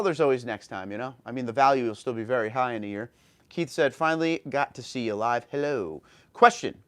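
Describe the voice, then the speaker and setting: Casual male livestream host reading chat. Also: medium pitch. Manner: friendly, greets viewers by name, reads comments aloud. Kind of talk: casual live chat reading viewer comments. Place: home room.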